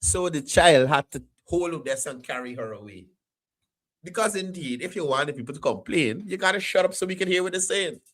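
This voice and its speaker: A man hosting a call-in talk show, animated and repeating his phrases. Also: fairly high pitch, a little fast.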